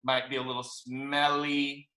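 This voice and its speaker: A man, a children's book author, reading a picture book aloud to young children over a video call, animated and chatty, in an echoey room. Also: medium pitch, unhurried. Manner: animated, chatty storytelling to kids.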